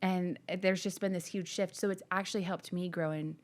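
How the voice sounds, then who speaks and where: A woman's voice: lowish voice, moderate pace. A middle-aged woman, a pastor's wife co-hosting a podcast, talking openly and animatedly with her husband. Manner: open, animated, laughs easily. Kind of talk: casual conversation with her husband.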